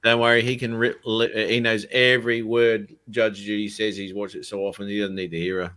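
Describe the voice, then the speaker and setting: A man's voice: lowish voice, little pitch movement, fairly quick, pushed and bright, smooth. A man chatting casually on a group call, joking and teasing the others and laughing often. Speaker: participant in an online drone pilots' chat. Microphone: desk microphone on a call.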